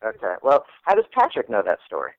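A man, a guest comedian, telling a story in casual, animated talk, swearing freely and acting out the people in it. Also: mid-range voice, fast talker, no echo, narrow, tinny audio.

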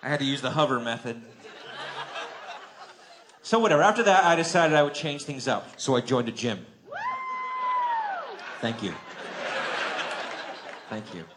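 A man doing a stand-up routine, telling a story in a profane way with quick acted-out dialogue. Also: medium pitch, expressive, noisy background. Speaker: stand-up comedian.

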